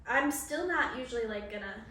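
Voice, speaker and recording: Young woman, podcast co-host, casual and sarcastic, lots of "like", high voice, echoey room, distant mic. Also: expressive, fairly quick, sharp tone. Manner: chatty, says "like" often, playfully sarcastic. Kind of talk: casual chat.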